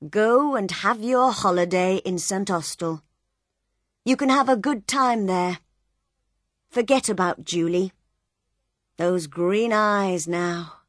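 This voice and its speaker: A woman voicing a calm, worldly older man who gives unhurried advice. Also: medium pitch, no echo, clean studio sound, close to an everyday voice.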